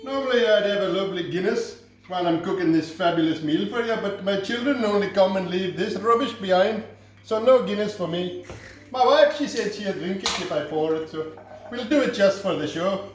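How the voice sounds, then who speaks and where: Irish male host, comic cooking demo, high voice, deadpan rambling, boomy echoing home kitchen. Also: normal speed, a little hiss or hum. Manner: jokey, rambling, deadpan asides.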